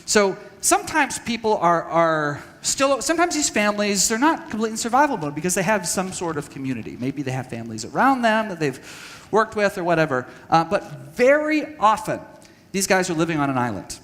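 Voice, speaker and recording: A man's voice: sits high, big pitch swings, fairly bright tone. Earnest man speaking in a reverberant hall. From United States. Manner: earnest, halting with restarts, acts out dialogue. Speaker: speaker at a church training session. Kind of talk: conference talk with personal story. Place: church hall.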